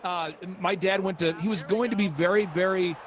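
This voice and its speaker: A man's voice: high-pitched, moderate pace, slight background noise. A man hosting an interview, eagerly telling childhood stories and acting out his dad's voice. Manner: animated storyteller, acts out his dad's voice. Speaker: podcast host. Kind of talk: excited interview chat.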